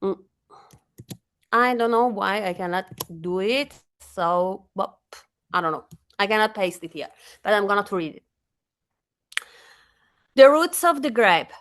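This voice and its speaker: A woman's voice: mid-range voice, a bit bright, clean tone. A woman poet from Iran with a heavy Persian accent, speaking hesitantly and then reading her poem aloud over a video call. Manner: hesitant, halting with many fillers. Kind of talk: poetry reading.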